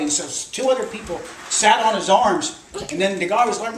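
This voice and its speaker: A man's voice: high voice, moderate pace. Older man telling a rambling story. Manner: rambling, animated, acts out voices with shouts. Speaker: grandfather telling a story to children. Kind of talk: casual storytelling. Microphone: camcorder across the room. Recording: echoey room, distant camera, loud noise.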